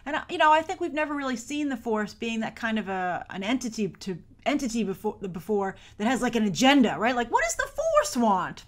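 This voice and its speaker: A woman's voice: a little high, big pitch swings, a little fast, few pauses. A woman hosting a film review show, casually breaking down a trailer with chatty, rambling enthusiasm. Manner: chatty and rambling, many "like" fillers; enthusiastic fan gushing.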